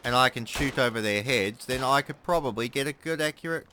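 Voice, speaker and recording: A man's voice: mid-range voice, a little fast, a little hiss or hum. A man giving casual, sarcastic gameplay commentary, swearing and mocking himself as he plays. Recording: loud game gunfire behind.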